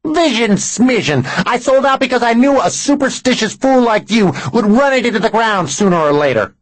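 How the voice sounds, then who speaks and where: A man doing a shrill, sarcastic councilman. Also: expressive, moderate pace, no room sound. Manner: shrill, mocking. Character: sarcastic, hot-tempered small councilman.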